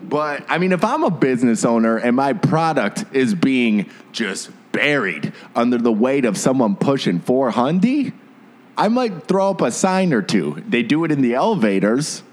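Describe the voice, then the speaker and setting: Lively joking man, slangy banter. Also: medium pitch, moderate pace. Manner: joking, slangy, says dude and bro. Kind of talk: casual banter.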